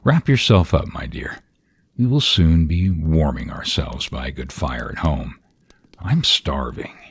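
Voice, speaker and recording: A man voicing a calm young husband in a spoken ghost story, soothing and hushed. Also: rumbling low, unhurried, slightly rough, no echo, heavily acted.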